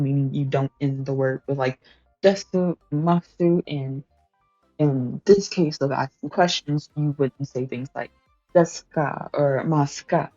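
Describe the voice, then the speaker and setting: A woman's voice: deep voice, dark tone, no room sound. A woman streamer casually explaining language points to her chat, chatty, with lots of fillers, laughs and swearing. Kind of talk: casual study-stream teaching. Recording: slightly dull, dry home stream mic with faint music.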